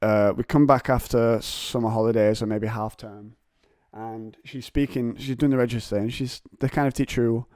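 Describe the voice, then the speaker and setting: An English man hosts a solo podcast from his couch, digressing freely and poking fun at himself. His voice is mellow and mid-pitched. The sound is close and dry. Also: fairly even intonation, moderate pace, hardly any pauses, no echo. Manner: rambling, digressive, self-mocking. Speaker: podcast host. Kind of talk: casual solo podcast monologue. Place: home, on a couch.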